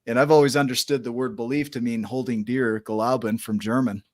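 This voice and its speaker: A man's voice: medium pitch, fairly even intonation, a little fast, dry recording, studio quality. A man hosting a podcast interview, talking emphatically and enthusiastically, often checking in with "right?". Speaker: podcast host.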